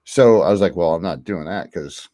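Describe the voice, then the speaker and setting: Man, deep voice, middle-aged, casual chat host, rambling with fillers, dry recording. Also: moderate pace, mellow, dry recording. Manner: candid, rambling with many fillers.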